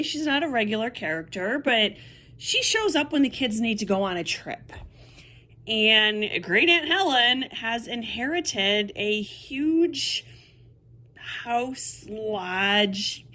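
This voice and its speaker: A woman's voice: fairly high pitch, sharp tone. A woman giving a casual book review, wry and sarcastic, laughing now and then as she talks.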